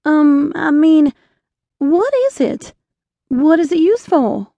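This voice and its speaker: A woman reading an audiobook, voicing an eager, impulsive young Southern woman in a slightly higher, earnest voice. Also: takes it slowly, vocal fry, mellow, dry recording, lo-fi sound, exaggerated voice.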